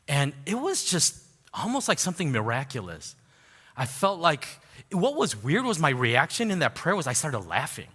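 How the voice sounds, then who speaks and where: A man gives a sermon in a bright, clear voice, telling a story with animated ups and downs. He laughs at himself and goes quiet and low in prayerful passages. His voice rings out with a long reverb, as in a large hall. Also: normal speed. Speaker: pastor.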